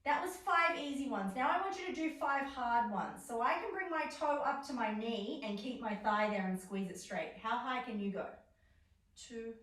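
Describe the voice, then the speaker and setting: High-voiced woman coaching a stretch class. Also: moderate pace, fairly bright tone. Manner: encouraging, counting reps and giving cues. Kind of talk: guided exercise class instruction. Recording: roomy echo, voice from far off.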